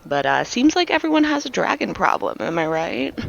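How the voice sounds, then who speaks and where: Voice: medium pitch, big pitch swings, brisk, creaky. A player in a tabletop game, talking in a joking, chatty way, partly in character. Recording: dull lo-fi mic with faint hiss.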